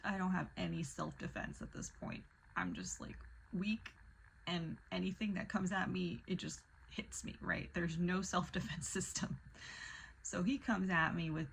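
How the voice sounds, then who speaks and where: Young woman, vocal fry, casual vlog storytelling, animated, slips into whispers. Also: lowish voice, measured pace, slight background noise, poor audio. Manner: animated, filler-heavy, drops to breathy whispers. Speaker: vlogger.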